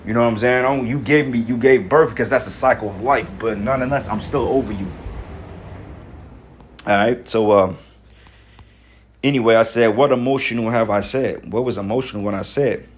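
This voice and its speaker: A man's voice: mid-range voice, brisk, long pauses, slight background noise. A man giving a casual spoken rant about a religious topic, blunt and confrontational, with profanity and rhetorical questions. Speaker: member of a religious group giving commentary.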